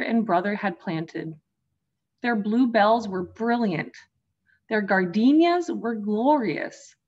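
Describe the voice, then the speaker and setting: Slow, gentle woman reading a storybook. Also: medium pitch, dull audio. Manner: gentle, addresses listeners as friends. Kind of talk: storybook read-aloud for children.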